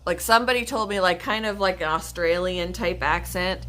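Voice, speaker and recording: A woman's voice: on the low side, normal speed, a bit bright. A woman hosting a pet channel, chatting casually on a livestream in a rambling way, often stopping to correct herself.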